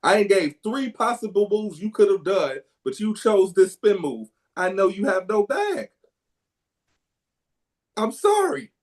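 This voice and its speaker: A man with a slightly high voice argues his point on a basketball podcast. He is emphatic and a bit preachy, pushing his view hard on the other hosts. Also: expressive, moderate pace, hardly any pauses. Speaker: podcast co-host. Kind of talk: casual basketball talk.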